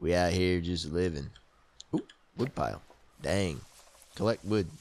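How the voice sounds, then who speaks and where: A man's voice: low-pitched, expressive, unhurried, darkish tone. A young man in his twenties narrating his own gameplay casually, easily startled and prone to yelps and shrieks. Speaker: let's play gamer.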